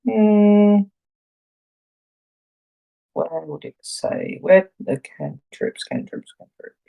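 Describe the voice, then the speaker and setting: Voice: medium pitch, huge pitch swings, drawn-out words, gravelly, mellow, rough recording. A player at a tabletop role-playing game asking about rules and describing actions, often correcting themselves. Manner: hesitant, self-correcting, apologetic. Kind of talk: casual chat at a tabletop game.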